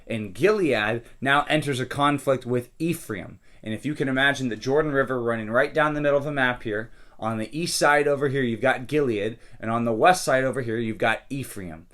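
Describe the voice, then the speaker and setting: A man's voice: mid-range voice, brisk, hardly any pauses, fairly bright tone. A man, a pastor, casually talking through a daily Bible reading and often checking in with listeners with "okay?" and "right?". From California.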